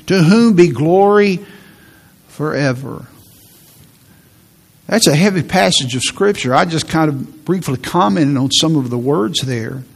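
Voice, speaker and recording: A middle-aged man preaching a sermon as pastor, earnest, often repeating phrases and slowing down for emphasis. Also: a little high, expressive, creaky.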